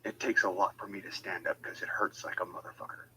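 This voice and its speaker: A man with a low, cutting voice rants in a heated, foul-mouthed and combative tone. He speaks as if squaring up to a listener. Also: fairly even intonation, fast, pushed and bright, a little hiss or hum, poor audio. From United States. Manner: heated, profane and confrontational. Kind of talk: angry monologue.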